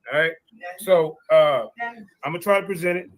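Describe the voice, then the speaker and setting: A man's voice: high voice, moderate pace, poor audio. A man debating over a video call, reading scripture aloud with preachy emphasis.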